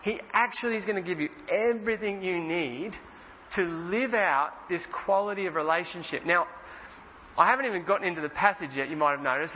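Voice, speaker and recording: A male pastor preaching casually, reading scripture slowly and with emphasis. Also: high-pitched, breathy edge. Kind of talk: sermon. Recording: dull roomy hall sound.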